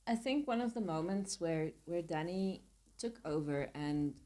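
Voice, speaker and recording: A woman's voice: on the low side, lively intonation, a little slow, dark tone. A woman author talking about her own novel in a casual podcast chat, playful and teasing with her friends.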